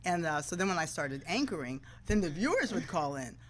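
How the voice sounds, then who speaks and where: A woman's voice: deep voice, fairly quick, a little hiss or hum, rough recording. A woman who works as a TV news anchor, a guest in a casual interview, telling stories and acting out the voices of people she quotes. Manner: animated, acts out quoted voices.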